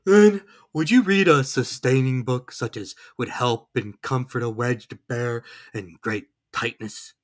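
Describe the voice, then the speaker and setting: A reader voicing a slow, mournful storybook bear. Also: medium pitch, lightly acted. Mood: plaintive. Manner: slow, drawn-out, mournful delivery. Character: slow, plaintive, honey-loving young bear. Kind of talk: storybook reading.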